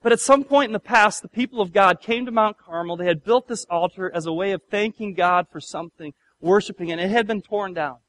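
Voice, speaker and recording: Speaking a little fast and with few pauses, a pastor with a fairly high voice retells a Bible story in his sermon. He's lively and conversational, adding humor, playful asides, and acted-out scenes.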